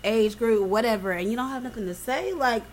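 A woman co-hosting a casual chat, telling stories in an animated, profane way. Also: a little high, a little fast, a little hiss or hum. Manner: animated storytelling, swearing freely.

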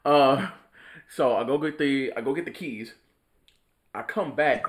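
A man's voice: mid-range voice, measured pace. A young man in casual podcast chat, telling a work story with lots of laughter, cursing and slang.

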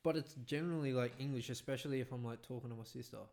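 Casting: relaxed young man, easy laugh, casual profane chat. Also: mid-range voice, racing. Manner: laid-back, laughs easily, swears.

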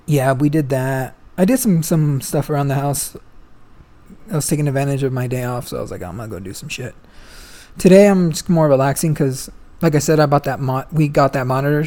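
A man's voice: mid-range voice, steady tone, brisk, dark tone. A young man, a guest, chatting casually and telling a long story, swearing freely and full of slang. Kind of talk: casual chat.

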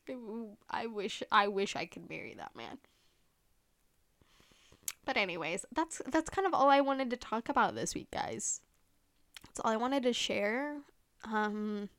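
A woman's voice: a little high, fairly bright tone. Chatty young woman podcast host. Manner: chatty, gushing, full of "like" fillers; playful, teasing sign-off. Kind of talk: casual solo podcast chat.

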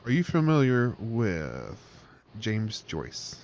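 A man with a fairly low voice co-hosting a casual podcast. He rambles, laughs often and loses his thread. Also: huge pitch swings, slow pace, darkish tone, slight background noise. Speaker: podcast co-host. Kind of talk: casual chat.

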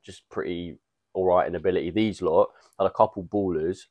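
A young man with a deep voice and fairly even intonation co-hosts a podcast, telling rambling, slang-heavy stories full of fillers in casual chat. He talks briskly, and the recording has no echo but the highs are cut off.

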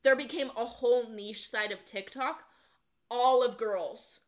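A woman's voice: a little high, unhurried. A young woman in her twenties co-hosting a podcast, telling stories in casual chat, full of "like" and acted-out quotes. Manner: chatty storyteller, many "like" fillers, acts out quotes. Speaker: podcast co-host.

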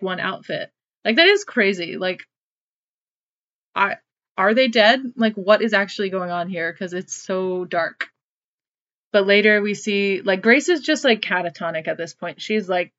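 Woman podcast host, lowish pitch, casual rambling recap full of filler words and profanity; slightly dull recording. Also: fairly bright tone. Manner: chatty, says "like" constantly, swears freely. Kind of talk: casual horror movie recap.

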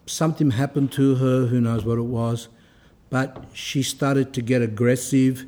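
Male speaker for an informal religious talk; warm, mellow, mid-pitched storyteller who acts out the dialogue. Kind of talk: informal lecture with anecdotes.

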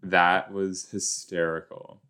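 A man's voice: low-pitched, little pitch movement, takes it slowly, pushed and bright, clean tone. A man hosting a rewatch podcast, giving rambling, jokey reaction commentary that often trails off.

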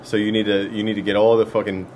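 A man co-hosting a podcast in a lowish voice, blunt and full of swearing, dropping dude at the end of his lines. Casual chat with faint room noise behind. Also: level tone, quick pace, darkish tone. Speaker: podcast co-host.

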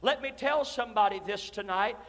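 A pastor preaching an impassioned sermon in a church, moving from hushed, drawn-out lines to shouted declarations. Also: male voice, sits high. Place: church sanctuary. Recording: long reverb of a church hall.

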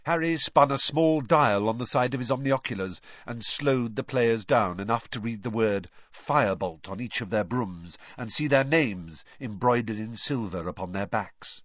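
A man giving an animated, expressive audiobook narration. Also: medium pitch, moderate pace, few pauses, no echo. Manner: animated storytelling. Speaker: audiobook reader. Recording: dull dry lo-fi sound.

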